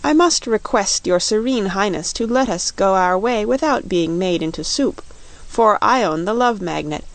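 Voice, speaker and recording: A woman voicing a big, kindly wanderer who talks gently and with elaborate politeness. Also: medium pitch, expressive, moderate pace, natural voice. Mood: polite. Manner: courteous, gentle.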